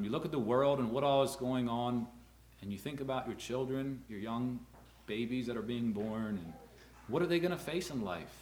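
A middle-aged man preaching a sermon to fathers, earnest, rising loud on key words and dropping low. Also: normal speed. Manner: earnest, rises loud for emphasis then drops low. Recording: echoey room.

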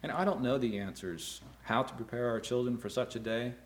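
A middle-aged man preaching a sermon to fathers, earnest, rising loud on key words and dropping low. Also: a little fast, a little hiss or hum. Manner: earnest, rises loud for emphasis then drops low. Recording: echoey room.

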